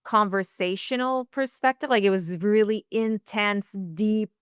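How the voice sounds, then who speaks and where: A woman's voice: medium pitch, measured pace, smooth, no echo, studio quality. A woman relationship coach telling a personal story in a podcast interview, acting out quoted dialogue and laughing often.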